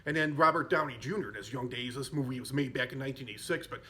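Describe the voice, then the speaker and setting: A man's voice: mid-range voice, very fast, pushed and bright. A man hosting a podcast, casually retelling a comedy film with lots of fillers and self-corrections. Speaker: podcast host. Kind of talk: casual chat retelling a movie.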